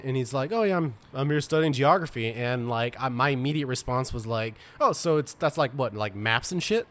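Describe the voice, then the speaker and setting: A young American man tells an awkward story about himself in a relaxed chat. He stops and restarts often, and his tone pokes fun at himself. His pitch sits in a middle range for a man. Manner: halting, many fillers and restarts, self-mocking. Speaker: podcast co-host.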